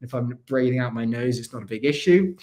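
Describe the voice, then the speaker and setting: A man's voice: mid-range voice, lively intonation, fairly quick, darkish tone. A man hosting a casual livestream, chatty and rambling, with a dry throat and frequent coughs. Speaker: airsoft channel host.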